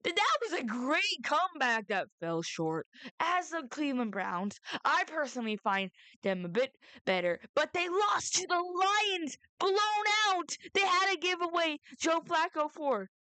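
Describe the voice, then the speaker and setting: Young girl rambling about football picks into a headset, kinda high voice, dead dry sound. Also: sing-song, measured pace, bright, forceful tone, no room sound. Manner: rambling, self-interrupting, jokey asides. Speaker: sports predictions vlogger. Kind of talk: casual chat with mock phone call and bits. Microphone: headset or headphone mic.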